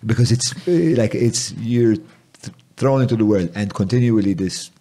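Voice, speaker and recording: This is a man from Malta who hosts a podcast and asks reflective questions. His voice is low and dark-toned, soft rather than bright. He talks loosely and thinks aloud as he goes. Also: normal speed. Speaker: podcast host. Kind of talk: casual interview conversation.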